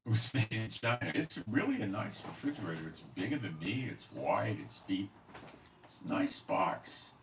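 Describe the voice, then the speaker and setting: A man's voice: fairly low pitch, very animated, normal speed. A man hosting his own channel, talking casually to viewers in a rambling, conversational way full of fillers and asides, recorded at home. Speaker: channel host. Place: at home in Israel. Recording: roomy echo, voice from a distance, faint background hiss.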